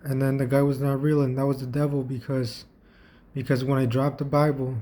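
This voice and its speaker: A man vlogging, telling a personal story in a casual, halting way with frequent restarts and repeated words. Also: medium pitch, level tone, dark tone.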